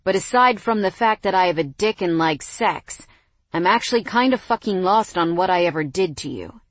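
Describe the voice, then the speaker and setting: A woman reading an audiobook, voicing a brooding, angry young man with a gravelly, bitter delivery. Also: measured pace, dry recording. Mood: resentful. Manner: bitter, low and clipped. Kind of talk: audiobook narration.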